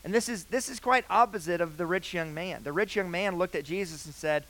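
A young man preaching a sermon, earnest, with loud emphatic phrases that drop to quiet, hushed lines. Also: high-pitched, fairly quick, poor audio.

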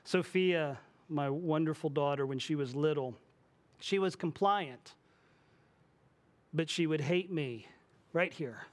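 Male pastor, 40s, high-pitched, lively preaching delivery that slips into quoted voices. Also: slow pace, pauses often. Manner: animated, acts out quoted voices. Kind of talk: sermon.

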